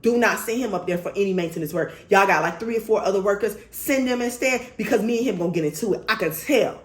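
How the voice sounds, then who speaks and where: A woman vlogger telling a story in casual storytime style, animated, blunt and profane. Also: medium pitch, quick pace, roomy sound, slight background noise.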